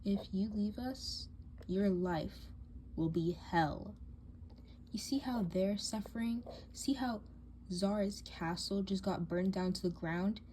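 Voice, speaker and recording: A woman's voice: medium pitch, steady tone, slow pace, mellow, slight background noise, close to an everyday voice. Woman voicing a cold, taunting scheming girl. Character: bossy scheming teen girl in doll drama. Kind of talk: doll drama voice acting.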